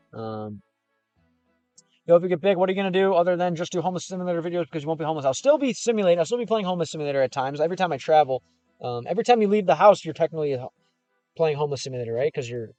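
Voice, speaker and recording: A young man from Chicago talks in a slightly high voice, rambling loosely through viewer comments on a casual livestream from his car. His words sound close and dry, with soft music playing faintly underneath. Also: fast, no room sound. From Chicago, United States. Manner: rambling and loose, with frequent fillers and restarts. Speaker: gaming and language streamer.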